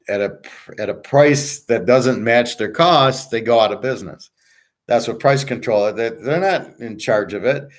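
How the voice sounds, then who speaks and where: Blunt, boastful middle-aged man ranting. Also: mid-range voice. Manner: blunt, boastful, rambling, profane. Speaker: sports betting tipster and host. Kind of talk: casual ranting monologue.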